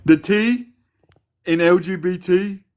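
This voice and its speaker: With a high-sitting, slightly mellow voice and a slow pace, this man trades casual banter as a live stream panel co-host. He laughs a lot and teases mockingly.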